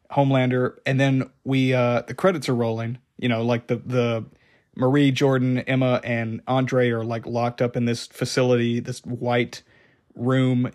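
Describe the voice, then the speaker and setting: Guy rambling thru a show review, lots of ums and restarts, pretty monotone. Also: mid-range voice. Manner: rambling, many fillers and restarts. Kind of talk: casual unscripted review.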